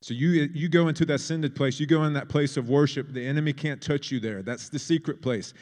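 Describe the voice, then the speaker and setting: A man preaching a sermon in a fervent manner, building to loud, emphatic peaks. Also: fairly high pitch, fairly even intonation, fairly quick.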